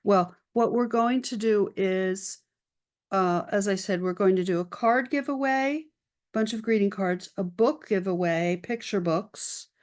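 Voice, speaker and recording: Slow-talking upbeat woman hosting a live stream. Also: medium pitch, darkish tone. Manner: upbeat, greets viewers by name. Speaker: art career mentor hosting a live session. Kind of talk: live-stream chat with viewers. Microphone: video call.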